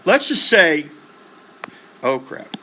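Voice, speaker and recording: A man teaching music theory in a classroom lecture, animated, firing quick questions at the students and tossing in slang. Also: on the high side, a little hiss or hum. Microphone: laptop recording the lecture. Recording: echoey classroom from a distance.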